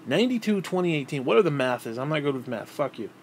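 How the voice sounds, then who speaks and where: A man in his thirties with a fairly high voice tells an old memory in loose, casual storytelling. He swears freely and trips over repeated words as he goes. A faint background hum sits under his voice. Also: sing-song, quick pace. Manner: profane, rambling, repeats and restarts words. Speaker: vlogger.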